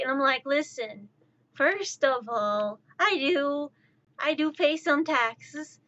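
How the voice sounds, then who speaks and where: A woman's voice: high voice, slow, a bit bright, muffled recording. A woman in her thirties ranting exasperatedly during a casual livestream chat, her voice slightly altered after intubation. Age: 30s. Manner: exasperated, rambling rant. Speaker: streamer.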